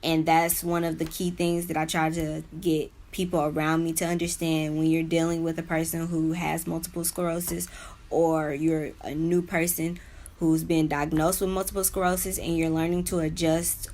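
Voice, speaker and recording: A woman's voice: low-pitched, flat delivery, moderate pace, a little mellow. A young woman talking earnestly about her own life in a rambling personal vlog, full of "you know" and "like". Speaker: vlogger sharing her own illness. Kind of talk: unscripted personal vlog talk.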